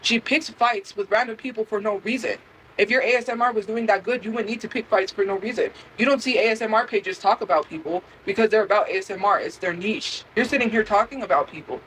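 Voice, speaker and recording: A woman's voice: medium pitch, fast talker, fairly bright tone, a little hiss or hum, rough recording. A woman livestreamer ranting to her chat, defensive and repeating her point over and over. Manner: defensive, repetitive, talks straight to chat. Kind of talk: livestream rant.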